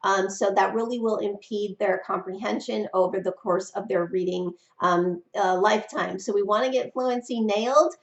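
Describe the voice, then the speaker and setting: A woman hosting a teaching video for parents, talking expressively with deliberate pauses and emphasis. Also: mid-range voice. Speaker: reading teacher and channel host. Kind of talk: instructional video talk to parents. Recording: roomy, slightly dull recording.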